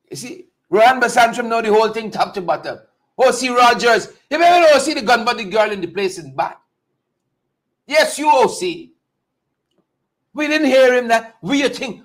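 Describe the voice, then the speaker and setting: A man hosting a live political talk show, talking straight to viewers in a mocking, animated way. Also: extremely high pitch, moderate pace. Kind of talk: casual live-stream commentary.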